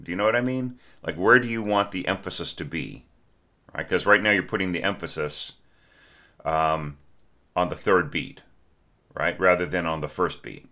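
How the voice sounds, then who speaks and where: Low-voiced man, forceful bright tone, teacher talking through a student's score casually. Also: normal speed, long pauses. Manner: conversational, many fillers and "right?" tags; sings phrases to show inflection. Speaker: orchestration teacher.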